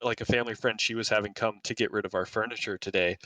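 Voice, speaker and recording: Young man with a bright, dry voice. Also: fairly low pitch, steady tone, fast talker, dry recording, distant mic. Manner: chuckles through his stories. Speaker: podcast co-host. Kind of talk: casual storytelling among friends. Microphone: home streaming mic.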